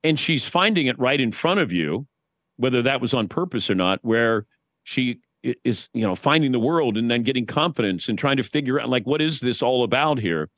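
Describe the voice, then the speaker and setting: A man's voice: mid-range voice, lively intonation, fairly quick, a bit bright, dry recording, clean studio sound. A man in his sixties, a guest sportscaster, telling wry stories in casual chat with frequent restarts.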